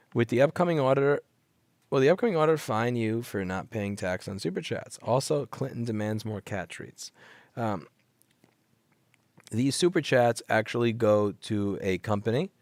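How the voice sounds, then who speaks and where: A man with a lowish voice hosts a late-night livestream, reading chat and firing back blunt, sarcastic answers. He sounds sleepy and yawns often, and he repeats lines for emphasis. His headset mic gives a dry, close sound with no room echo. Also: a little mellow. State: sleepy, yawning. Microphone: headset microphone.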